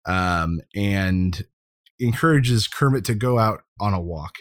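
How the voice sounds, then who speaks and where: A man co-hosting a podcast, casually retelling a movie plot with relaxed pauses and drawn-out fillers. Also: on the low side, dry recording, studio quality. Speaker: podcast co-host. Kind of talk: casual chat, recapping a film.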